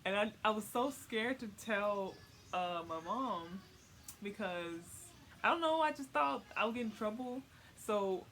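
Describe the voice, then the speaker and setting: A young woman vlogger casually telling a personal story, candid and giggly, pausing often to find her words. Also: medium pitch, animated, a bit bright, slight background noise.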